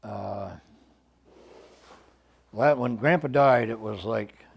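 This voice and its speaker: A man, a grandson, recalling family memories in a halting casual conversation and searching for words. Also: on the low side, vocal fry, slightly rough. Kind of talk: casual chat.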